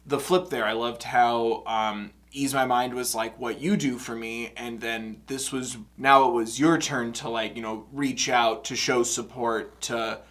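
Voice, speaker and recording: Brief: mid-pitched male reaction host, excitable and self-mocking, laughs a lot, quiet reflection turning into loud outbursts. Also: measured pace, few pauses. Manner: shifts between soft reflective talk and loud outbursts. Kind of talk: casual reaction commentary.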